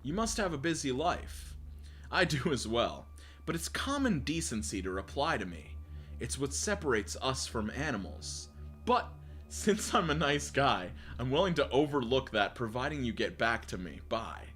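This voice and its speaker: A man reading aloud as an obsessive young man writing stalker emails, in a flat, menacing way. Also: mid-range voice, normal speed, slightly rough. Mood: wheedling. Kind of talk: reading a horror story aloud.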